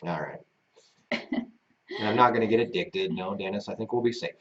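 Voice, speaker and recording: A man's voice: lowish voice, normal speed. A man co-hosting a casual live stream from a home studio, teasing and self-deprecating as he chats. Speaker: co-host of a ranch live stream. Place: seated on a small love seat in a home studio. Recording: dull, distant mic.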